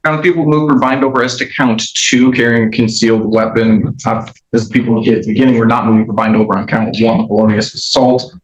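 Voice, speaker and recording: A man speaking as prosecutor in a courtroom, formal and measured. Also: mid-range voice, steady tone. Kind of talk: courtroom legal argument. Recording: echoey courtroom.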